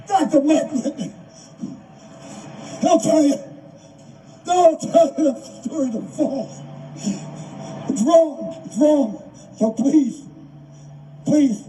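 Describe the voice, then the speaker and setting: An older man delivers an emotional, repetitive rally speech outdoors in a very high-pitched, mellow voice. The mic is distant, so he sounds far away, with faint background noise.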